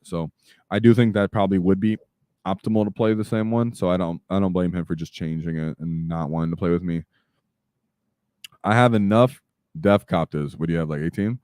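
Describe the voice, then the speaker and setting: A man hosting a casual livestream chat, talking in an animated way with lots of fillers and sudden shouts. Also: low voice, no echo, studio quality. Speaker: streamer host.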